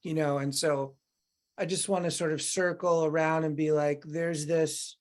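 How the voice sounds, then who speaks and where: A woman's voice: low-pitched, fairly even intonation, measured pace, darkish tone. A woman in casual podcast conversation, talking in a meandering, reflective way and acting out inner voices.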